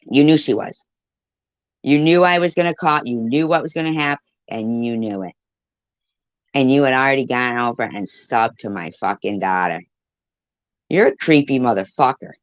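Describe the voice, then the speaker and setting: A woman's voice: very deep voice, moderate pace, no room sound. A woman livestreaming a heated, profane rant, snapping back at people in her chat. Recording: dull lo-fi stream audio.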